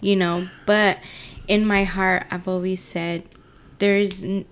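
A woman's voice: medium pitch, level tone, slow pace, smooth. A woman co-hosting a casual podcast in a playful, teasing manner. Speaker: podcast co-host.

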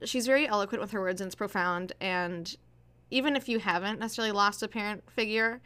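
A woman's voice: medium pitch, fast, sharp tone, clean tone. A woman co-hosting a podcast, chatting candidly and rambling a little with jokes. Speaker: podcast co-host. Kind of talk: casual chat.

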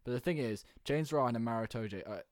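A young man co-hosting a podcast, chatting and arguing in animated, casual banter and rattling off lists of names. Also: medium pitch, quick pace, dry recording, clean studio sound. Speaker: podcast co-host.

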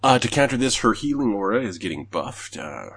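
A man's voice: fairly low pitch, a little fast, vocal fry, slightly rough. A man hosting a casual gaming podcast, reading headlines and ranting with swearing and restarts. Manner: swearing, rambling, animated rants. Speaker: podcast host.

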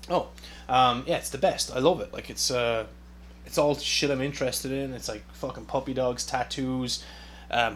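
A man's voice: medium pitch, a bit bright, slight background noise. A man hosting a podcast in a casual solo rant, sarcastic and profane, rambling with lots of fillers. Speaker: podcast host.

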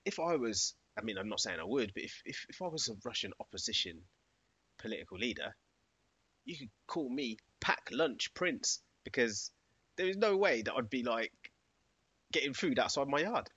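A young man telling a story on a podcast, rambling through fillers with a lively, bouncing pitch. The sound is dry and muffled, like a lo-fi close recording. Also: moderate pace, slightly rough, dry recording. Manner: rambling, laughs often, lots of fillers. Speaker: podcast co-host. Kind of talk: casual chat.

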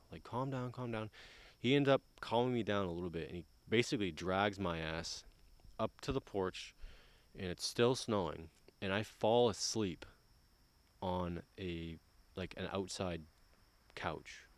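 A man's voice: low-pitched, no room sound. A man in casual podcast chat, telling a rambling, profane story.

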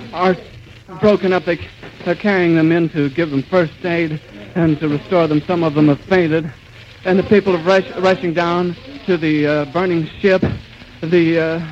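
A man giving live eyewitness radio commentary outdoors at an airfield, urgent and halting, with many restarts. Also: high-pitched. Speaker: radio reporter. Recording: dull 1930s radio recording with faint hiss.

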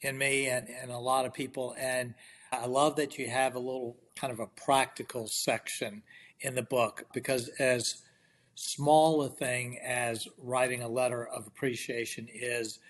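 A man's voice: medium pitch, level tone, unhurried, fairly bright tone. A man hosting a podcast interview, reacting with enthusiasm and easy laughter before moving to the next question. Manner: enthusiastic, laughs easily, conversational. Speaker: podcast host. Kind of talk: interview conversation.

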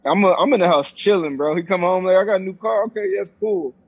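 Animated husky young man telling a story. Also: high voice, fast talker. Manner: animated storytelling, acts out quotes, swears freely. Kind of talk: casual chat. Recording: dull lo-fi sound.

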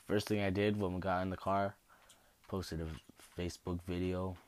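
Laid-back young man telling stories. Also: sits low. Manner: rambling, laughing, swears casually. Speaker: host. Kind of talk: casual storytelling.

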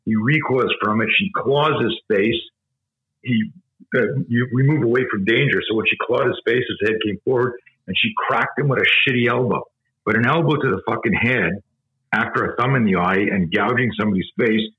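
A man's voice: mid-range voice, moderate pace, highs cut off. A middle-aged man who teaches self-defense, a podcast guest telling a story with emphasis and plenty of swearing. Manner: emphatic, profane, vivid storyteller. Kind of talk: intense storytelling in a podcast interview.

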